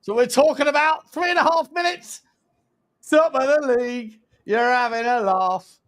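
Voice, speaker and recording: A man hosting a football watch-along, reacting with animated, mocking banter. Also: very high-pitched, normal speed. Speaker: host.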